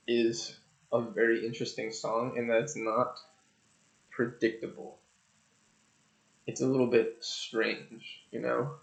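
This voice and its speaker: In an echoey room with dull lo-fi audio, a young man with a creaky, medium-pitched voice reviews an album on his channel. The music reviewer keeps it casual, rambling and cracking jokes with loose profanity.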